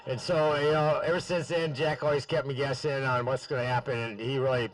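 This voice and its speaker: A man's voice: medium pitch, flat delivery, brisk, far from the mic, poor audio. A man telling a casual, chuckling anecdote as a speaker at a memorial gathering. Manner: anecdotal, chuckling at his own story. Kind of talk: casual storytelling.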